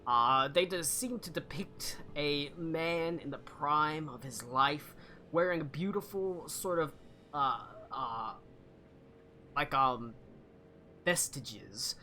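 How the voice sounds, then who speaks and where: A man narrating a tabletop game as game master, slow and halting with many fillers. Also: on the high side, pushed and bright.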